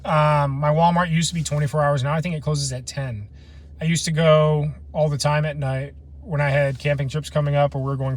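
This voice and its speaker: A man in his late twenties hosting a casual camping livestream, rambling and slangy while chatting with viewers outdoors at night. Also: a little high. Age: late 20s. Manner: loose, rambling, slangy and self-deprecating. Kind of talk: casual live chat reading comments. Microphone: phone livestream.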